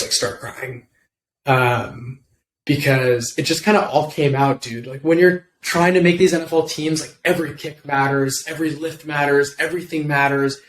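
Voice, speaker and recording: A young man with a slightly higher voice tells a personal story in an easygoing, slangy way, full of fillers. The room sounds hollow and echoey, with a faint hiss of noise underneath. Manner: laid-back, slangy, lots of fillers. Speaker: interview guest, former football kicker. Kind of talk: casual storytelling in an interview. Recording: roomy with faint background noise.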